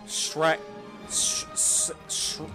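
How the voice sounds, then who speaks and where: Swearing man streaming a game. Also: extremely slow. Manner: swearing, exclaiming, laughing at the game. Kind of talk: casual gaming commentary. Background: game music.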